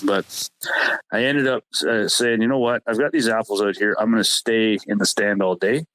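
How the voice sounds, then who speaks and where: Male podcast co-host, low and dry, halting storyteller who stumbles and repeats himself. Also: fairly even intonation, a bit bright, no room sound, rough recording. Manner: halting, repeats words and restarts often. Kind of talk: casual storytelling chat.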